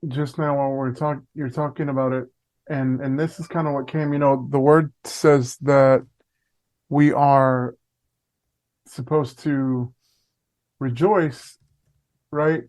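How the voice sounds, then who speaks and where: A man's voice: medium pitch, little pitch movement, slow pace, pauses often, darkish tone. A man co-hosting a Christian podcast, speaking casually and reflectively with frequent restarts. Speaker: podcast co-host. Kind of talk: faith podcast conversation.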